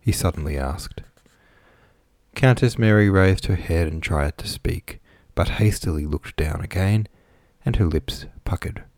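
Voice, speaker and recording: A man narrating a classic novel as an audiobook in a measured, even reading style. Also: low-pitched, dry recording, clean studio sound.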